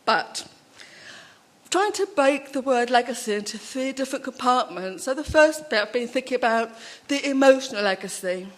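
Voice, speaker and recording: A woman speaking at a conference, telling personal anecdotes in a chatty, animated way with many asides. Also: high voice, moderate pace.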